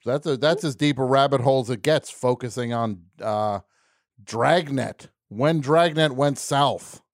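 Man, podcast host, loose joking chat, mid pitch, dry close sound. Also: measured pace, dry recording. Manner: loose, jokey and rambling. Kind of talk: casual chat.

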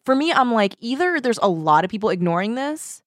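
Expressive woman with a lively pitch. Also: a little fast, dry recording, studio quality. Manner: expressive, questioning, incredulous. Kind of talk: casual book discussion.

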